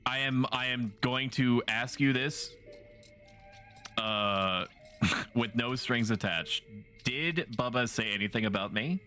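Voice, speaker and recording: A man's voice: medium pitch, slow, pauses often, pushed and bright, faint music behind. A man livestreaming a video game, chatting casually with his viewers in a playful, rambling way and often poking fun at himself. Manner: playful, rambling, self-mocking jokes. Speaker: streamer. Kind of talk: casual gaming livestream chat.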